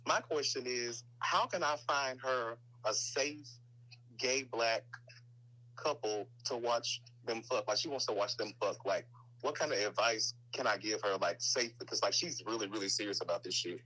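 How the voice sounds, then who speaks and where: A man's voice: mid-range voice, normal speed, rough recording. Chatty Southern man calling in. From Nashville, Tennessee. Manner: chatty, animated storyteller. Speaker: caller. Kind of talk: phone-in question to a podcast.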